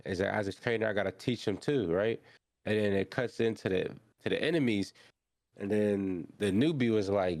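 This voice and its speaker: A young man hosting an anime podcast, recapping an episode in animated, slangy storytelling full of fillers and restarts. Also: lowish voice, moderate pace, dry recording.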